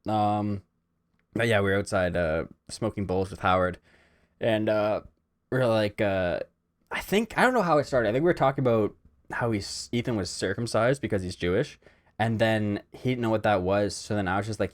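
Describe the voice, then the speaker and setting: A man's voice: lowish voice, moderate pace. A young man from Canada hosting a casual solo podcast, telling stories in a rambling way with lots of "like" and "um". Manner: rambling storyteller, heavy on "like" and "um". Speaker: podcast host.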